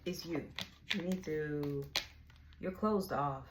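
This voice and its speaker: A woman's voice: deep voice, slow pace. Slangy woman reading tarot, noisy. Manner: frank, slangy, laughs often. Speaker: tarot reader.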